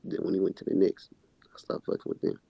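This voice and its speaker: A man from Denver calling in to a sports stream, mumbling softly. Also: fast talker, poor audio. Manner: mumbling, soft-spoken. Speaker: caller.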